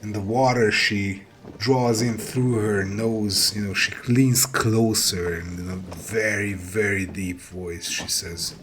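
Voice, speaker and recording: Slow, low-voiced male game master. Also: fairly even intonation, background noise. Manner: halting, repeats words, vivid description. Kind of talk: narrating a tabletop game.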